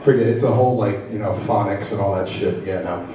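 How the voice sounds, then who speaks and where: A New Jersey man does a stand-up set on a comedy club stage, chatty and self-deprecating as he teases the crowd. His voice is on the low side, warm, and fast. It's recorded from a distance in the echoey club, with slight background noise.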